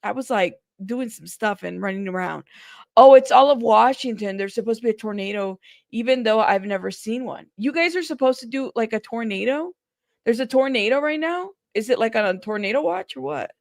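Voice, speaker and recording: A woman's voice: on the high side, brisk, creaky, no echo, clean studio sound. A woman hosting a casual news livestream, chatty and greeting her viewers one by one by name.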